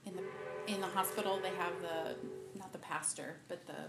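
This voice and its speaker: A woman giving a personal faith testimony to a group, halting and softly emotional, with many pauses and fillers. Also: lowish voice, steady tone, loud music behind the voice. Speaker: speaker at a women's ministry talk.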